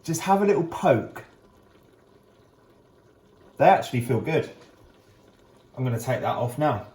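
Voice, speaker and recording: A man hosting a cooking vlog, tasting his dish and gushing over it in an excitable, casual way. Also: medium pitch, measured pace, reverberant. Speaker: cooking show host.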